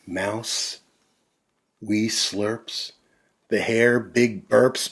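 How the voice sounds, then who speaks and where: A man reading a children's picture book aloud in a gentle, drawn-out, expressive way, then chatting to the kids. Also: mid-range voice. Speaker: storyteller for children.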